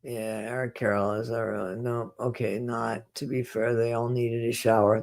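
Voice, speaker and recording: Livestream host, casual chat, blunt, restarts, mumbling, loud ranting. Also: medium pitch, flat delivery, moderate pace, creaky, hardly any pauses. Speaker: livestream host reading viewer comments.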